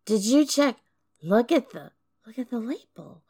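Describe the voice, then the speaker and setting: A woman voicing a hyper house cat high on catnip, rambling and repeating herself as she swings between giddy and panicked. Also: very animated, unhurried, mellow, husky, full character voice. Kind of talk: comedic improvised monologue.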